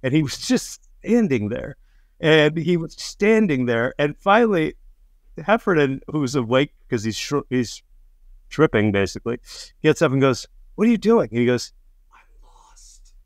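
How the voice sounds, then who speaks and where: A man's voice: mid-range voice, moderate pace, dry recording, studio quality. A man casually telling a funny road story, acting out the voices of the people in it. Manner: animated, acts out quoted voices, laughs mid-story. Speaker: storyteller guest.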